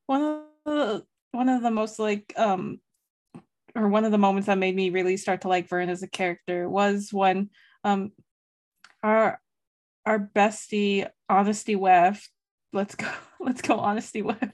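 A woman's voice: medium pitch, fairly even intonation, unhurried, a little mellow. A young woman co-hosting a casual fan discussion podcast, rambling and giggling as she talks. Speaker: podcast co-host.

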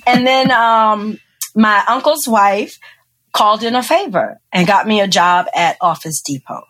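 A woman, a podcast guest telling a personal story with lively acted-out quotes and frequent laughter. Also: mid-range voice, a little slow. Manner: animated storyteller, acts out quotes, laughs often. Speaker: podcast guest, engineer and speaker. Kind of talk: storytelling interview.

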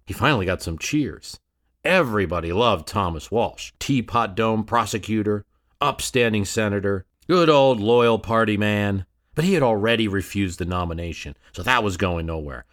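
A man's voice: lowish voice, expressive, moderate pace, a bit bright. A man narrating a history story in a dramatic scripted style, with rhetorical questions and shifting emphasis.

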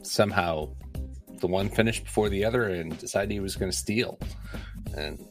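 Deep-voiced american dude co-hosting, dry and laid back, short answers, little music in the back. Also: male voice, moderate pace. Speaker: podcast co-host. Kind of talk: casual sports podcast chat.

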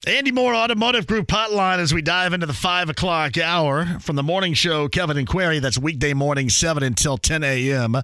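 A man's voice: on the high side, brisk, few pauses, sharp tone, no room sound. A man hosting a sports talk radio show, bantering in a brash, opinionated and jokey way.

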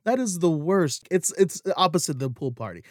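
Animated man with a dry, close sound. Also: on the high side, moderate pace, no room sound. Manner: animated, laughs often, jumps into silly voices. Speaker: podcast co-host. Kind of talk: casual chat.

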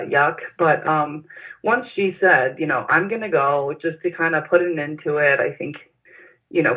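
A woman recalling events in an interview, speaking haltingly with frequent pauses and fillers. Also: sits low, fairly bright tone. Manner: hesitant, halting with many fillers. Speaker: interview guest. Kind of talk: personal recollection in an interview. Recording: dull lo-fi sound.

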